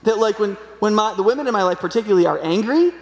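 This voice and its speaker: A man's voice: expressive, racing. A man in his forties preaching a conversational sermon, often checking in with "right?" and acting out quoted voices. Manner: conversational, keeps asking "right?"; acts out quoted voices with sudden pitch jumps. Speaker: pastor. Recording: echoey hall with long reverb.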